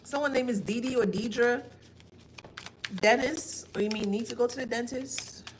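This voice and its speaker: A woman's voice: a little high, moderate pace, background noise. A woman giving a casual spiritual reading to her viewers, blunt and emphatic, with mocking asides.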